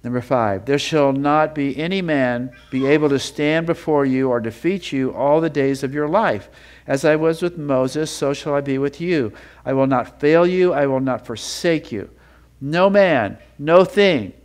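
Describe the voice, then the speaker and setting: A man teaching a sermon with feeling, building up with repeated phrases and reading scripture in a slower, lower voice. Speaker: Bible teacher.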